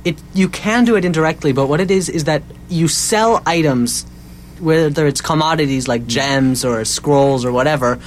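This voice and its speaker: A man co-hosting a casual chat, explaining things in a matter-of-fact way and correcting others. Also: a little high. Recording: faint background noise and hum.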